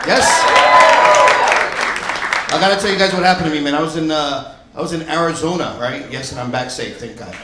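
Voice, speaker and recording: A male stand-up comedian telling stories in a loud, punchy way on a club stage. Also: a little high, fairly quick, long pauses, crowd noise, noisy background. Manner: loud, punchy storytelling, often laughing. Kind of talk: stand-up set. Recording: echoey club room.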